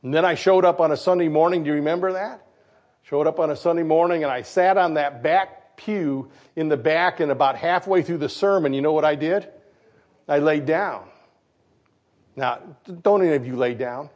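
Animated man preaching a sermon. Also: a little high, moderate pace. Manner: animated, questions the congregation, acts out quotes. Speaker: pastor. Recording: dull lo-fi recording.

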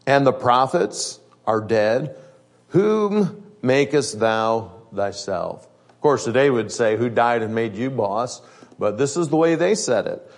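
Male preacher, mid-pitched, sermon delivery, reads scripture then explains it conversationally, pace varies to stress points.

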